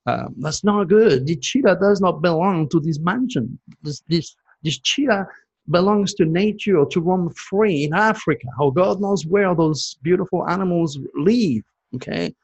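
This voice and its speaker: Middle-aged guy ranting on his channel, kinda high and raspy, preachy, keeps going "okay?". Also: lively intonation, measured pace, darkish tone, highs cut off. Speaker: astrologer hosting his own channel. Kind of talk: ranting solo monologue to viewers.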